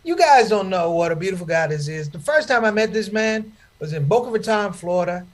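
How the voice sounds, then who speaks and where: A man doing stand-up comedy storytelling. He is animated and addresses the crowd in a preachy way. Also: sits high, fairly quick.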